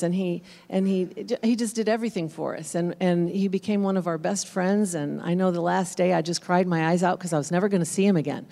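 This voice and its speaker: A woman's voice: low-pitched, gravelly, mellow. A woman introducing a guest speaker to a church youth group, telling a story in a chatty, rambling way. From United States. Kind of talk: informal talk to a church youth audience. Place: echoey church room. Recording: echoey room with long reverb.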